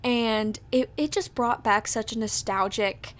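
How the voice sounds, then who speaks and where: A woman's voice: on the high side, measured pace. A woman in her twenties hosting a podcast, chatting casually and bubbly, full of "like" and "literally". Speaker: podcast host. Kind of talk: casual chat.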